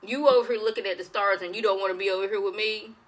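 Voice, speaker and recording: A woman's voice: medium pitch, fairly even intonation, fast talker, close to an everyday voice, rough recording. A woman voicing a young teenage queen who talks frankly and bluntly while retelling a show. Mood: sassy. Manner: sassy and blunt.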